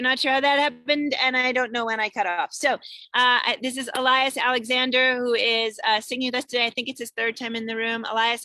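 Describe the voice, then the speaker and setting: A woman with a high, pushed, bright voice, recorded with no room sound, hosts an online singing show from her parked car during a road trip. Over the video call she's chatty and upbeat, welcoming many viewers by name.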